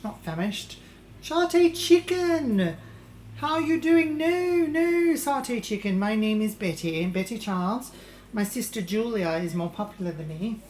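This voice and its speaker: A woman's voice: medium pitch, roomy sound, a little hiss or hum, close to an everyday voice. Woman playing a posh vain English lady cook. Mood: showy. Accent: English, put on. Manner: theatrical, calls people darling. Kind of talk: live-streamed comedy cooking show in character. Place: home kitchen.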